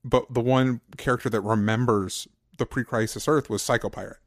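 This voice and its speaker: Podcast co-host, male, excitable and rambling; dry, close recording. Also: mid-range voice, brisk, dry recording. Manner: rambling, filler-heavy, enthusiastic. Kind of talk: casual chat about comics.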